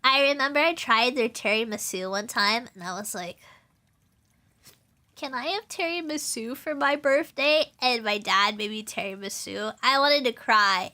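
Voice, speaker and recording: A woman's voice: high voice, sharp tone. A young woman streaming, chatting casually in a bubbly, rambling way, getting teary and giggling. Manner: bubbly, giggly, rambling with many likes and ums. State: teary, emotional. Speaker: VTuber streamer.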